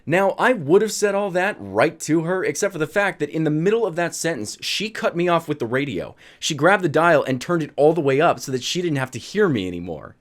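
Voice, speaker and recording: A man telling a personal story in a casual vlog, animated and laughing often. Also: fairly high pitch, a little fast, few pauses.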